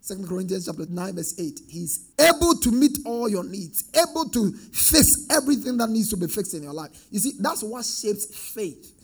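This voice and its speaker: High, gravelly-voiced preacher, husky. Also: male voice, very animated, moderate pace, hardly any pauses. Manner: call-and-response preaching, sing-song emphatic swells. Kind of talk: sermon.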